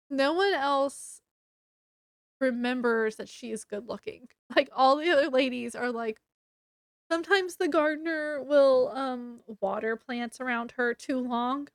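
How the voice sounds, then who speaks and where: Young woman book reviewer, high voice, slow chatty plot recap, lots of fillers, dry close sound. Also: clean tone, no echo. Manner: chatty, laughs often, many fillers.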